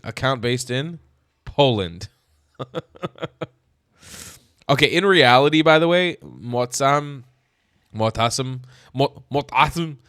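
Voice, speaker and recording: A man hosting his channel, reacting to social media posts with animated, incredulous and mocking commentary. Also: lowish voice, clean tone, no echo, studio quality.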